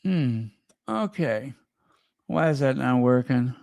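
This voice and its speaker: A man's voice: medium pitch, animated, takes it slowly, gravelly, darkish tone, no echo. A man hosting a gossip channel, chatting casually and muttering to himself as he searches for something and stumbles over words. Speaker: royal gossip channel host. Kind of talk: casual chat.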